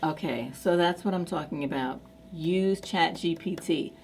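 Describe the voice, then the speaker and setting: A woman's voice: fairly low pitch, unhurried, darkish tone, a little hiss or hum. A woman vlogger chatting casually to camera in an effusive, enthusiastic way, with many fillers.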